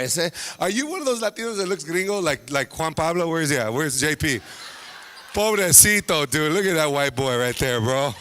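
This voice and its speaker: Comedian guy hosting the show, high bright voice, super animated, messing with people in the front row. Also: a little hiss or hum. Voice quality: animated, teasing, does quick voices of people. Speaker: stand-up comedian and host. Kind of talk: stand-up crowd work. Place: comedy show stage, live audience.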